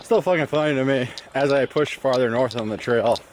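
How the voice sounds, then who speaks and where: A man's voice: medium pitch, fairly quick, slight background noise. A man in his thirties from the US Midwest talks with a loose Southern drawl that slips into a Northern accent. He rambles crudely and jokes as he hikes a wooded trail, talking into a phone camera. Faint outdoor ambience sits behind his voice. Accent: mixed Southern drawl and Northern US. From Michigan, US Midwest. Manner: crude, swearing, joking, rambling. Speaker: thru-hiker vlogger. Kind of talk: casual profane trail monologue. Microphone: phone camera on trekking pole.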